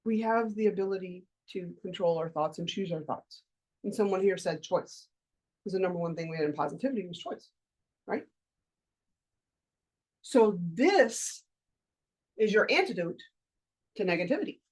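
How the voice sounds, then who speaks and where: A woman's voice: lowish voice, normal speed, long pauses, a little mellow, breathy edge. A woman coaching a live workshop, lecturing and telling personal stories in a candid, conversational way with casual swearing. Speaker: life coach leading a workshop.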